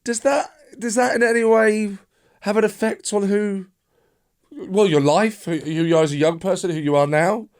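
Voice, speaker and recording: A comedian hosting a podcast, this man speaks in a high, slightly mellow voice at a moderate pace. During the casual interview chat, his questions are long, hesitant, and rambling, with frequent restarts.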